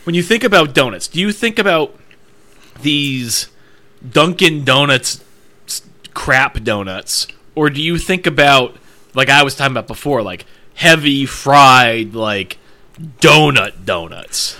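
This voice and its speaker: A man's voice: mid-range voice, lively intonation, measured pace, bright, forceful tone. A man chatting casually, playful and joking, often cutting in. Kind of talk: casual chat.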